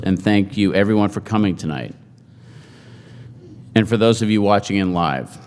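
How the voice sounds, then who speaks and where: Deadpan joking man in a reverberant hall. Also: on the low side, smooth. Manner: deadpan joking, self-mocking. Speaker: speaker at a forum. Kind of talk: humorous after-dinner speech. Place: large hall with audience.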